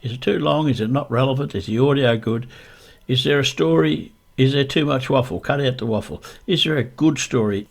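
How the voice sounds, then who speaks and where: Gravelly husky man. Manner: deliberate, repetitive self-coaching; speaking low and deep, close to the mic. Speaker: YouTube creator. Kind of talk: practice voiceover monologue. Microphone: close microphone.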